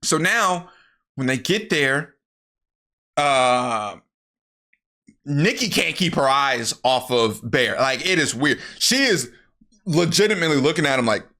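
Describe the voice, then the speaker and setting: A young man casually recapping a movie plot to his viewers, animated and profane, jumping into the characters' lines as he goes. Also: slow, long pauses. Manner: animated, profane, acts out characters' lines in jumpy higher voices.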